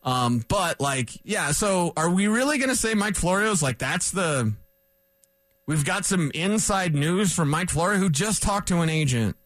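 Animated high-voiced radio host rambling. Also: male voice, a little slow, dry recording. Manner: rambling, animated, self-correcting. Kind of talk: casual sports talk radio monologue. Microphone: studio microphone.

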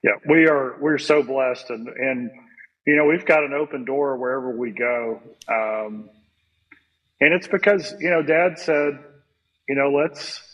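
A man's voice: medium pitch, unhurried, fairly bright tone, dull audio. A man talking as an interview guest, earnest and storytelling, repeating his key points for emphasis. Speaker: guest, company CEO and author. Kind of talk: interview conversation.

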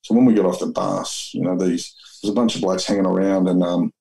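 A man's voice: low voice, steady tone, brisk, creaky, mellow, rough recording. An Australian man telling his story as an interview guest, rambling and blunt with lots of restarts and swearing.

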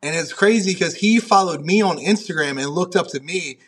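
A man's voice: high voice, a little fast, a bit bright, breathy edge. Profane, rambling young man. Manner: profane, rambling, heavy use of "like". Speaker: podcast guest, powerlifter and referee. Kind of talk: casual podcast chat.

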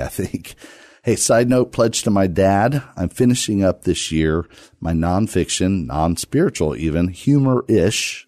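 A man hosting a radio Bible study podcast, talking casually with playful, self-deprecating jokes and sudden lively jumps. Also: a bass voice, no room sound, studio quality. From Virginia, US.

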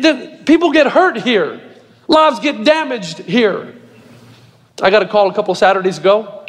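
High-voiced man preaching in a hall. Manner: emphatic, swings to shouted points. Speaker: pastor. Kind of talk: sermon to a live congregation. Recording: long hall reverb.

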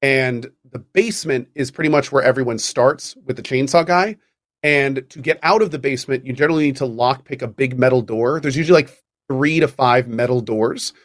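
A man's voice: mid-range voice, brisk, dry recording. Male podcast co-host, casual explainer, rambling restarts, dry close sound. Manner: explains at length with fillers and restarts. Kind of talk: casual chat explaining game mechanics.

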